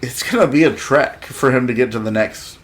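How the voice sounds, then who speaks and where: A man's voice: medium pitch, fairly quick. Guy cohosting a podcast, casual chat, jumps into silly voices for scenes. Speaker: podcast co-host.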